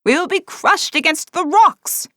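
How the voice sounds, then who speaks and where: Woman playing a scared first mate, high strained pleading voice, loud, anxious, audiobook. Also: sing-song, slow, no room sound, studio quality, heavily acted. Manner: pleading, worried.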